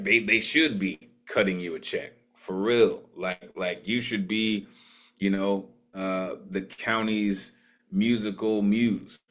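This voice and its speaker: A man's voice: on the low side, a bit bright. Man, open mic host, emphatic hype-style praise, video call audio. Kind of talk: warm hosting and introductions.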